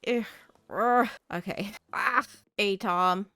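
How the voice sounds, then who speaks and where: A woman's voice: mid-range voice, slow, sharp tone, smooth, no echo. A young woman giving playful, chatty, self-mocking commentary while playing a life-sim game. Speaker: gaming creator. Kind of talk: casual gameplay commentary.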